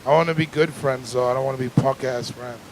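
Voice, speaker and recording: A man performing a stand-up comedy set on a club stage, telling deadpan stories that build into loud rants. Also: mid-range voice, quick pace, slight background noise, rough recording.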